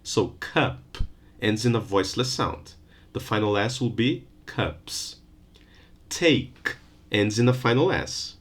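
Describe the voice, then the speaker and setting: A man's voice: fairly low pitch, lively intonation, slightly rough. A man giving a recorded university lecture on phonetics, explaining patiently and often checking in with "okay?". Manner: slows down to stress rules and example words.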